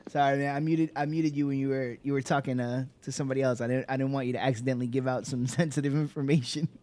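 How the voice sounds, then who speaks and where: A man's voice: medium pitch, fairly even intonation, quick pace, dark tone. A man streaming a game, chatting in a laid-back way and muttering at what is on screen. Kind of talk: casual chat while gaming.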